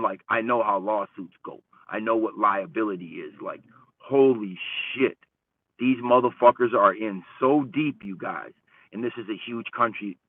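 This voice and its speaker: A man vents in a casual, foul-mouthed rant, his voice jumping between raised outbursts and low mutters. The sound is dry and narrow like a phone line, and he sits a bit back from the mic. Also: dry recording, recorded from a distance. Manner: profane, heated, rambling, swings between loud and muttered. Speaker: channel host.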